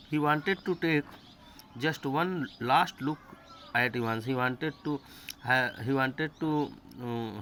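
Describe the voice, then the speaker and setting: A man's voice: mid-range voice, sharp tone, a little hiss or hum, low-quality recording. A man teaching a literature class, reading each line aloud and then repeating and paraphrasing it in simple words.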